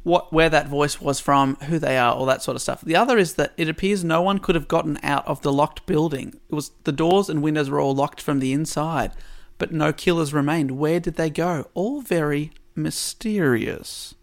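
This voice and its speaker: A man's voice: on the high side, normal speed, vocal fry. A man co-hosting a casual chat, retelling a detective story with playful asides and frequent laughs. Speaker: podcast co-host.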